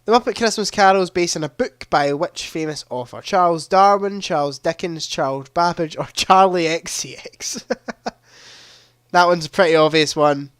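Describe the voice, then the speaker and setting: A man's voice: a little high, moderate pace, fairly bright tone, smooth, no room sound, studio quality. Chatty man on a headset mic. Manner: chatty, reads quiz questions aloud, often laughing. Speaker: livestream quiz host. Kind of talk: casual live-stream chat.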